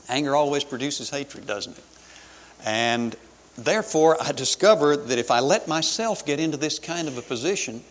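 A man preaching a sermon in an earnest, measured way, with pauses between phrases. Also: mid-range voice, a little hiss or hum. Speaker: pastor. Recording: long hall reverb.

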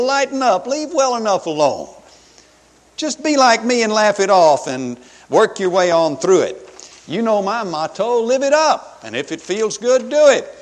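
A man's voice: high voice, voice pushed up, exaggerated voice. A man voicing Cain as a boastful, brash farmer, reciting his lines in a sing-song rhyming brag. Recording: long hall reverb.

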